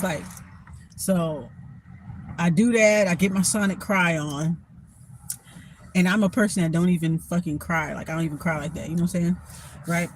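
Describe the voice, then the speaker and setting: A woman telling a story in a casual vlog, blunt and profane, animated and quick to laugh. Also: fairly low pitch, a little hiss or hum. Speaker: storytime vlogger.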